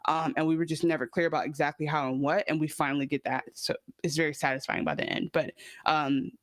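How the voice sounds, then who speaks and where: A woman co-hosting a podcast, chatting about a TV episode in a rambling, animated, incredulous way. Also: deep voice, quick pace, no echo, clean studio sound. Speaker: podcast co-host. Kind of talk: casual TV recap chat.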